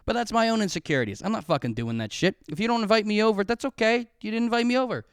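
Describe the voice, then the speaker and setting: A man hosts a casual solo podcast and tells rambling, self-mocking stories full of swearing. His voice is smooth and resonant and sits a bit high for a man. The sound is dry and close to the mic. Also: animated, rapid-fire, no room sound. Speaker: podcast host.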